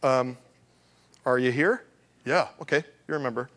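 A man's voice: mid-range voice, moderate pace, a bit bright. A male pastor preaching a conversational sermon, asking rhetorical questions and acting out the voices of the people he quotes.

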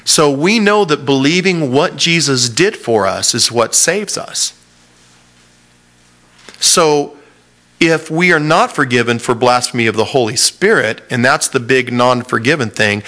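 A man preaching a sermon, reading scripture aloud and explaining it in an earnest, animated way. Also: medium pitch. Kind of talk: sermon-style Bible teaching.

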